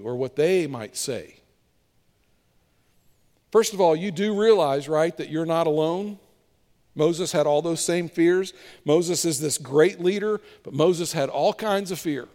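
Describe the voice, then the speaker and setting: Animated high-voiced male pastor. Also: in a large hall. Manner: animated storytelling, acting out voices of biblical figures. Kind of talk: sermon.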